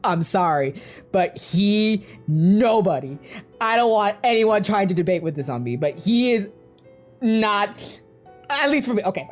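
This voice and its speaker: A woman co-hosting a casual fan discussion, talking in an emotional, gushing way and rambling with lots of fillers. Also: mid-range voice. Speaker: podcast co-host.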